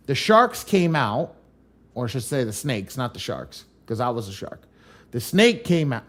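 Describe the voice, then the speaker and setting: Man, credit repair trainer, live class, fairly high voice, emphatic, repetitive, casual swearing.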